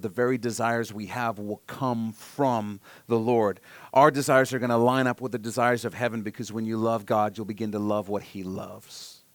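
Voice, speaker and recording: A man preaching a sermon, swinging from hushed, near-whispered lines to loud, emphatic passages. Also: medium pitch, no room sound. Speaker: pastor.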